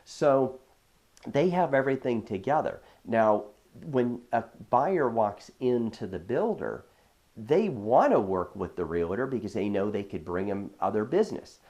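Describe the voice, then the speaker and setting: A man's voice: fairly low pitch, expressive, measured pace, darkish tone. A man who works as a real estate agent, giving casual advice and telling stories from his deals in a conversational way, acting out the dialogue. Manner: conversational, acts out quoted dialogue, frequent fillers. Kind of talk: casual advice talk with anecdotes.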